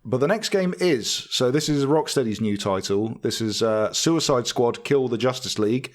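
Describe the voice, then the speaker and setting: A man's voice: mid-range voice, animated, moderate pace. Chatty man co-hosting a podcast. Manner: chatty, laughs easily, frequent fillers. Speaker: podcast co-host. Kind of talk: casual chat.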